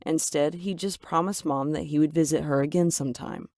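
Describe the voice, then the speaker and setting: A woman's voice: low voice, fairly even intonation, a little fast, a little mellow, dry recording, clean studio sound. A woman telling a first-person story in a dramatic, emphatic way. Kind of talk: scripted first-person narration.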